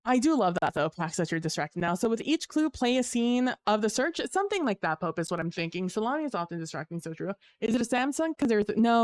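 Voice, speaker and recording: A woman streaming live and chatting with her viewers in an unhurried, drawn-out way. She complains with theatrical exasperation and groans between her sentences. Her voice sits at a middle pitch. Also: big pitch swings. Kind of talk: casual live-stream chat.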